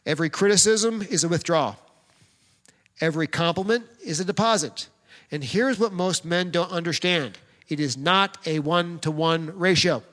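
A man's voice: high-pitched, a bit bright. A pastor preaching a sermon in a direct, plain-spoken way, speaking straight to the men in his congregation. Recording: long hall reverb.

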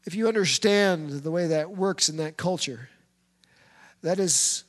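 A man preaching a sermon, retelling a scripture story in a lively storytelling manner. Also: on the high side, measured pace, long reverb tail. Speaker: pastor.

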